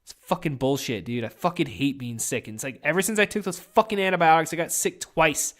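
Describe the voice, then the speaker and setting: A man's voice: a little high, fairly quick, a bit bright. Profane, rambling young male podcast host. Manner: profane, rambling, swears constantly. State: getting over a head cold. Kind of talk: casual solo podcast chat.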